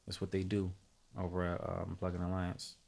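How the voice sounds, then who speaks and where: A man's voice: low-pitched, completely flat delivery, moderate pace, gravelly, darkish tone. A man hosting a live music production tutorial, talking casually to his chat, thinking aloud and correcting himself as he goes.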